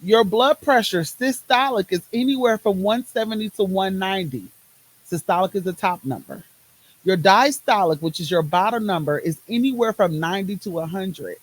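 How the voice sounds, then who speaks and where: A woman's voice: medium pitch, moderate pace, rough recording. A woman hosting a podcast, talking about her own life in an emphatic, repetitive rhythm, recorded on a phone. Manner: emphatic, repeats phrases in rhythmic runs; uses casual Southern US words like y'all. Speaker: podcast host; medical field worker. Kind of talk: personal podcast monologue.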